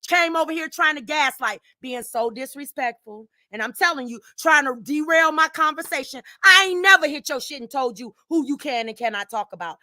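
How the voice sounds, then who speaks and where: A woman hosting her channel, ranting angrily at someone. She repeats herself, swears, and swings from low muttering to shouting. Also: expressive, brisk, hardly any pauses, dry recording, studio quality. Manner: swears freely, addresses viewers directly. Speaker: channel host. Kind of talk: heated direct-to-camera rant.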